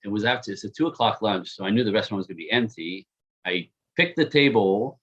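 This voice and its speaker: Husky man telling a story, laughing at himself. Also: fairly low pitch, fast, highs cut off. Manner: animated, self-mocking, laughs often. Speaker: guest telling his love story. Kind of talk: casual storytelling on a podcast.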